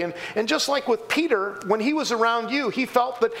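A man preaching with a high, lively voice that swoops up and down. He acts out the voices he quotes with sudden leaps in pitch, and the sermon is set in a church. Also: fairly quick, creaky, hardly any pauses. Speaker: pastor.

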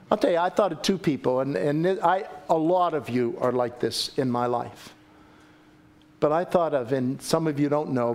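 Male pastor, lively jokey sermon, high voice with big swings. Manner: animated, jokey, acts out quotes with big pitch swings. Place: church sanctuary.

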